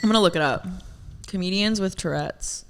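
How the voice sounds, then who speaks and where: A woman's voice: medium pitch, fairly quick, long reverb tail. A woman co-hosting a podcast in casual chat, laughing often and joking crudely. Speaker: podcast co-host.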